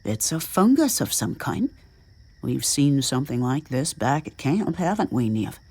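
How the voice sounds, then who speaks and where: A woman voicing an agitated male scientist who snaps and shouts. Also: very deep voice, very animated, unhurried, slightly rough, full character voice. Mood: fascinated. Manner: snapping, shouting in distress.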